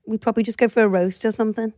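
A woman's voice: rapid-fire, no room sound, clean studio sound. A woman, co-hosting a casual podcast chat and acting out family stories. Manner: animated storyteller, acts out high squealing quotes. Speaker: podcast co-host.

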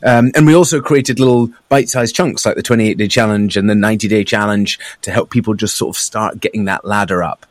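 A man being interviewed on a podcast as a founder, talking in a relaxed conversational way and often asking "right?". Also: fairly low pitch, no room sound, clean studio sound. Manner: relaxed, conversational, many fillers and rhetorical "right?". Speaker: podcast guest, founder of a sobriety program. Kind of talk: casual interview.

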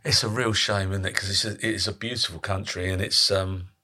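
A male podcast host who chats freely and often restarts mid-sentence. His voice sits very low yet sounds bright and forceful. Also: fairly even intonation, a little fast. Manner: chatty, with frequent restarts. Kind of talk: casual interview chat.

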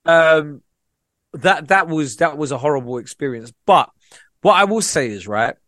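Young man, comic storyteller, a touch high-pitched, dry studio sound. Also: normal speed, dry recording. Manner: animated storytelling with slang. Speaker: comedian, podcast co-host. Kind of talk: casual chat.

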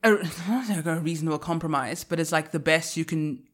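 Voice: mid-range voice, fairly quick, a bit bright. A podcast co-host in reflective casual conversation, thinking aloud with many restarts and trailing clauses.

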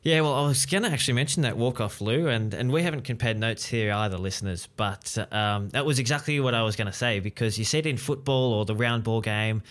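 A man hosting a sports podcast in a steady, measured presenter manner. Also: medium pitch. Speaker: podcast host.

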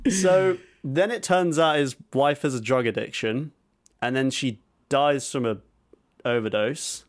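A man's voice: medium pitch, measured pace. A man hosting a podcast, retelling a film in casual chat, rambling and laughing as he goes. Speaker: podcast host.

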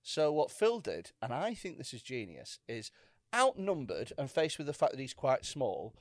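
A man's voice: medium pitch, wildly swooping pitch, moderate pace, no echo, studio quality. A man co-hosting a casual comedy podcast, telling stories with lots of swearing and acted-out quotes. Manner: storytelling, swearing, acting out quotes. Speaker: podcast co-host.

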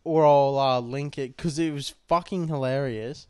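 A man's voice: mid-range voice, moderate pace, smooth, no echo, studio quality. A young Australian man co-hosting a casual podcast in a lounge room, laid-back and swearing a lot. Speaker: podcast co-host. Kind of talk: casual chat.

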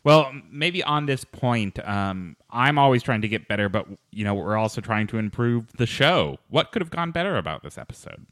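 Hesitant podcast host with a lively voice. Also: male voice, mid-range voice, normal speed, few pauses, no echo, studio quality. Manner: hesitant, lots of ums and uhs. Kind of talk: casual podcast chat.

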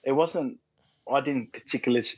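Australian guy, 30s, podcast guest; relaxed, rambling, sweary; mid pitch, dry dull audio. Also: brisk, no echo. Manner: laid-back, frequent fillers and restarts, swears freely. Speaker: podcast guest, rugby league player. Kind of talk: casual chat, storytelling.

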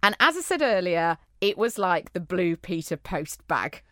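A woman's voice: fairly low pitch, sing-song, measured pace, bright, forceful tone, no room sound, studio quality. A woman co-hosting a podcast, bantering and giggling. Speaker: podcast co-host. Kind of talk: casual chat.

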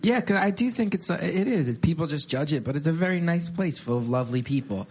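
A man from New Jersey, a guest on a live podcast, telling wry, deadpan jokes and laughing often. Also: a little high, fast talker. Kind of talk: casual live podcast chat.

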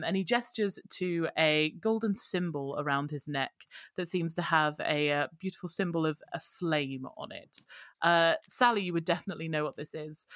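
A woman's voice: low-pitched, a bit bright, no room sound. A woman narrating a tabletop game as game master, chatty, with many fillers.

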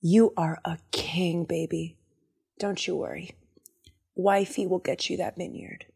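A woman voicing a scheming queen who soothes her husband in a soft, hushing voice. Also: lowish voice, steady tone, a little slow, vocal fry, breathy edge, heavily acted. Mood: soothing.

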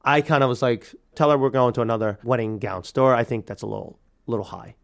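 A man in his thirties telling a personal story, animated and acting out the people he quotes. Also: medium pitch, fast, vocal fry. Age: 30s. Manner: animated, acts out quoted voices. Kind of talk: personal story told to a radio audience.

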